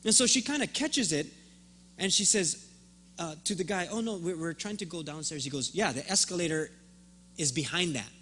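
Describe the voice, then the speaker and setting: A man's voice: on the high side, lively intonation, normal speed, pushed and bright, a little hiss or hum. A man preaching a sermon as pastor, telling a story and acting out both sides of the conversation, often repeating words as he starts a thought.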